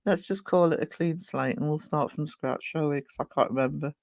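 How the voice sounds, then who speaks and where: A live streamer chatting casually with viewers, croaky from a sore throat, rambling with many ums. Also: mid-range voice, a little fast, dry recording.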